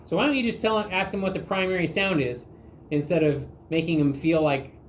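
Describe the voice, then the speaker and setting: A woman's voice: on the low side, a little fast, a little hiss or hum. Woman interviewer telling a story. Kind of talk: conversational storytelling.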